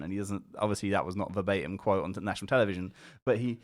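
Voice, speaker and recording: A man with a low voice talks fast and loosely on a podcast, piling up fillers, restarts and the odd curse as he retells a story. The sound is dry and close, with no room around it. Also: no echo. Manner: rambling, animated retelling with frequent fillers and swearing. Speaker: podcast co-host. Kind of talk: casual chat.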